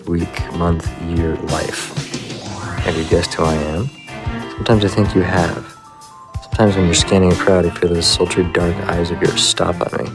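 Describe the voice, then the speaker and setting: An actor reading a lovesick, obsessive love letter as a soft, intimate film voiceover. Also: male voice, low-pitched.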